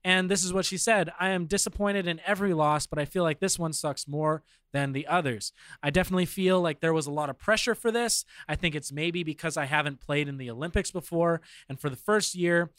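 A man with a bright, forceful voice, a little high for a man, talks through sports news on a podcast. He muses aloud and reads from notes with frequent fillers. The sound is dry and close. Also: fairly quick, no room sound. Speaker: podcast co-host. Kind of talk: casual chat reading news.

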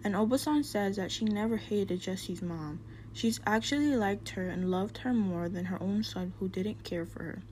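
A woman with a mellow, warm tone reads through a prepared student presentation. Her delivery is earnest and steady, loosening now and then into a casual filler. Her pitch sits in an ordinary middle range. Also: normal speed, slight background noise. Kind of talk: reading a prepared literature presentation.

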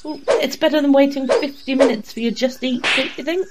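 A woman's voice: high-pitched, brisk. A woman in an improvised comedy play, teasing and flirting playfully. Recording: clear background noise.

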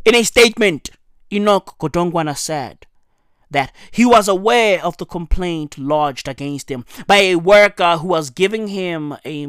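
A man's voice: a little high, a bit bright, clear, resonant tone, dry recording, studio quality. A man giving profane, mocking satirical commentary on the news, full of slang asides.

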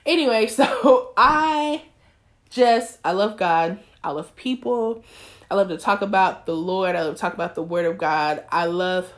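Young woman host, twenties, chatty and animated, breaks into sermon-style exhortation. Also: fairly low pitch, normal speed. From East Texas. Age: 20s. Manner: lively, talkative, preachy bursts. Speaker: podcast host. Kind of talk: casual chat.

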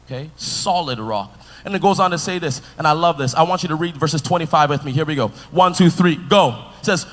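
A preacher with a high, bright voice tells a story to his congregation, lively and playful, calling out to the room. His voice rings with a long hall reverb. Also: fairly quick. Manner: animated, playful, talks to the crowd. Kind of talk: storytelling sermon.

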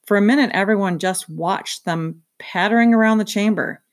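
A woman reading a children's novel aloud, in a steady storytelling manner. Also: medium pitch, normal speed. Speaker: reader. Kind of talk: children's book read-aloud.

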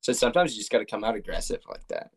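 A man's voice: on the low side, sing-song, very fast, vocal fry, breathy edge. A man co-hosting a podcast, telling stories in an easygoing, reflective way. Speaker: podcast co-host. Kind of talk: casual chat.

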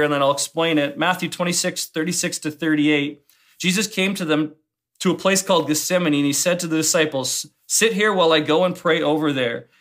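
A man preaching in a casual devotional talk. His voice sits a little higher than most men's, and he speaks earnestly, often stumbling over repeated words and fillers as he works out his points. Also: fairly bright tone.

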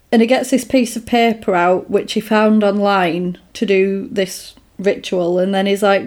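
A woman's voice: medium pitch, fairly even intonation, normal speed, hardly any pauses, darkish tone. A woman casually retelling a film plot in a chatty podcast, with lots of fillers.

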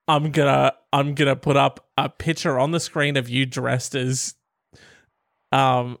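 A man's voice: medium pitch, little pitch movement, measured pace, creaky, fairly bright tone, no room sound, studio quality. A man co-hosting a podcast, chatting casually with a teasing, profane, exasperated manner. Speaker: podcast co-host.

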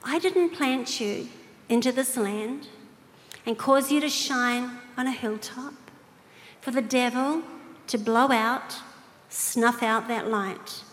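A woman voicing God with a calm, slow, solemn delivery. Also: on the high side. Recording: reverberant hall with faint ambience.

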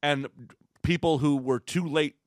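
A man hosting a casual podcast, a little stoned, launching into rambling, excitable comic rants. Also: fairly high pitch, a little slow, no room sound, clean studio sound. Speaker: podcast host.

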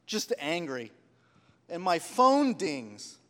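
Male preacher, personal and emotional storytelling, somewhat high voice, echoing church hall. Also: very animated, slow pace, a bit bright. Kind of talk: sermon. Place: church sanctuary.

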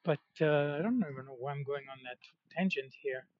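A man with a voice on the high side talks fairly quickly in a rambling, casual monologue. He fills it with fillers and corrects himself often, and the dry recording sounds dull and slightly muffled.

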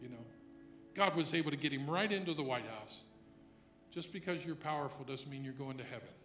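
A man preaching a sermon as pastor, moving between quiet reflection and loud emphatic passages. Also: fairly high pitch, fairly quick, echoey room, faint music behind.

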